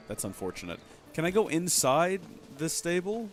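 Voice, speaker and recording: A man's voice: a little high, very animated, moderate pace, soft background music. A man chatting casually while playing a game on stream, rambling about what he is doing. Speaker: let's play streamer. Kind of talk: casual gameplay commentary.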